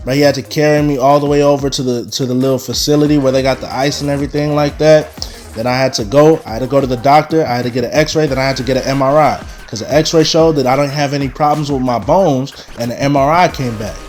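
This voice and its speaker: A man's voice: mid-range voice, quick pace, faint music behind. A young man telling a personal story on his channel and talking straight to his viewers. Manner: animated storyteller, talks straight to the audience. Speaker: vlogger. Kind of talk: casual storytime.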